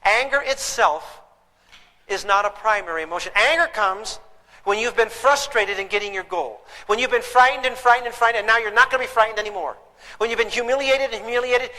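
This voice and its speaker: In a lecture hall with an audience, a man gives a humorous live parenting seminar, questioning the crowd directly. His high-pitched voice is bright and forceful, carried by long hall reverb.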